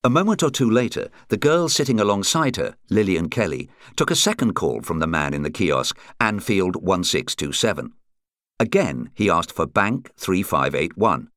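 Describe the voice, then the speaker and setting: A man narrating a true-crime audiobook in a measured, atmospheric reading style. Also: deep voice, very animated, a bit bright, dry recording, clean studio sound.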